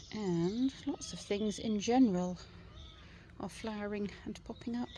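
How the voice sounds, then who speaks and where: A woman's voice: medium pitch, vocal fry, warm tone, slight background noise. Chatty tired British woman vlogging. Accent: British English. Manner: rambling and chatty, with fillers. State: tired and yawning. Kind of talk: casual chat to camera. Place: at home and in her garden.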